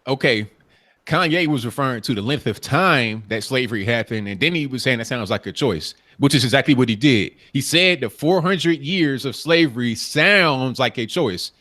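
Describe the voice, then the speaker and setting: A man's voice: medium pitch, animated, normal speed, sharp tone. A man co-hosting a casual debate, firmly restating his reading of a quote. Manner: insistent, firm, restates his point. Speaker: podcast co-host.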